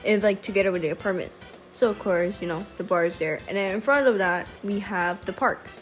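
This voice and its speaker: A woman's voice: medium pitch, fairly quick. A woman rambling through a casual storytime voice-over in a mid-range voice, swearing freely and chasing side tangents. Her speech catches in small stutters, and faint music plays underneath. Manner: stutters at times. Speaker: storytime vlogger. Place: voice-over over a speedpaint video. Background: faint background music.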